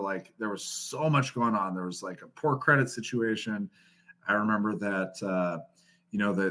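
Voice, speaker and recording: A man in his thirties, a podcast guest telling a story casually, swearing often and laughing as he goes. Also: lowish voice. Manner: profane, laughing, animated storyteller.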